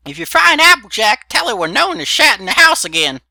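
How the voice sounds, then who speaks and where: A man's voice: very high-pitched, very animated, a little fast, gravelly, pushed and bright, no echo, clean studio sound, pitched above the performer's own voice, exaggerated voice. A man voicing a nosy, feisty elderly female pony with a teasing folksy drawl. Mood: hollering.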